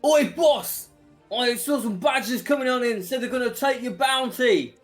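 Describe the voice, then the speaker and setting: A man voicing a rodent adventurer who yells a fake warning in a put-on rough accent during a tabletop game. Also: very high-pitched, normal speed, faint music behind, voice pushed up. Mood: urgent.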